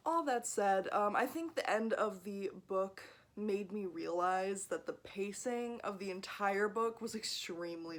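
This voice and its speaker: A young woman talking casually to camera in a book review vlog, animated and sarcastic, swearing often and breaking into laughter as she rants. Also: mid-range voice. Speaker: book vlogger.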